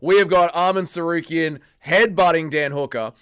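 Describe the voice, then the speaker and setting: A young Australian man hosting a livestream in casual chat, energetic and slangy, greeting viewers and calling everyone mate. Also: a little high, normal speed, clean tone. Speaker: livestream host.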